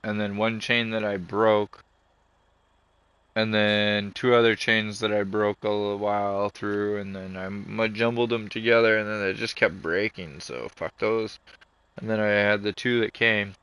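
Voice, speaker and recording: A man's voice: lowish voice, flat delivery, measured pace, a bit bright, clear, resonant tone. Profane ranting man. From Canada. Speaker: vlogger. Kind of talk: casual rambling monologue.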